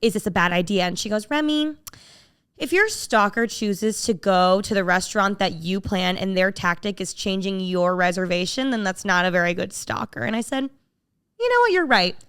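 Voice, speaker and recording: Animated woman telling a story. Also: medium pitch, a little fast, few pauses, smooth. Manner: animated, acts out voices in her story. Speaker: podcast host. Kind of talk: casual storytelling chat.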